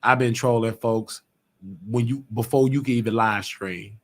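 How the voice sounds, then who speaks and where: Speaking at a moderate pace in a mid-range voice, a man hosts a call-in live stream of his YouTube talk show. He's an animated, slangy storyteller who performs the voices of the people he quotes.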